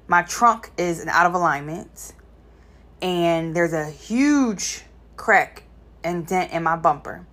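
A young adult woman telling a personal story to her viewers in a casual, blunt, animated way, swearing freely and speaking straight to the audience. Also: fairly low pitch, slow pace. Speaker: vlogger.

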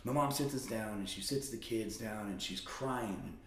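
A man in casual conversation, telling stories about his childhood. He swears freely and breaks into high-pitched impressions of family members. His voice carries a roomy echo. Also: moderate pace, a bit bright, slight background noise.

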